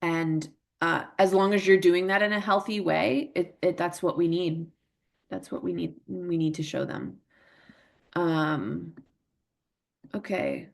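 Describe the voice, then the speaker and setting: A woman's voice: lowish voice, slow pace, vocal fry. A woman presenting a parent workshop in a casual, chatty way, full of fillers and tag questions, who acts out emotions in her examples.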